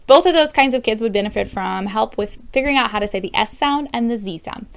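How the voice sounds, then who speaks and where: A speech therapist in her thirties, with a fairly high, slightly creaky voice, explains speech sounds to parents at a fast clip. Her teaching is bright and upbeat, with lively intonation, and she often breaks off to model sounds aloud, like a friendly instructional video.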